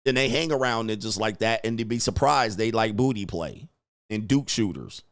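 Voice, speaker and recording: A man's voice: on the low side, lively intonation, moderate pace, fairly bright tone, no echo. A man hosting a casual commentary show, joking and laughing at his own lines as he rambles. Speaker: commentary show host and dating coach.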